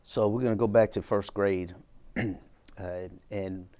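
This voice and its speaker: A middle-aged man from Brooklyn speaks as an interview guest in a fairly low voice. He tells his story in a measured, reflective way, calmly acting out remembered exchanges. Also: clear, resonant tone. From Brooklyn, New York. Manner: measured, reflective, acts out quoted dialogue. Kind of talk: conversational storytelling.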